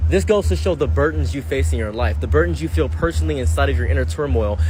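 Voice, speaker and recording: A man's voice: medium pitch, darkish tone. A man giving mock-mystical tarot readings to strangers outdoors on a city street, making grand theatrical pronouncements.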